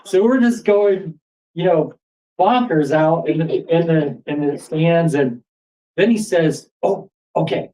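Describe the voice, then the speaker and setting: A man telling a true story at a live storytelling event in a pub, animated and building excitement. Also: on the high side, slow pace, distant mic, rough recording. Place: pub stage before an audience.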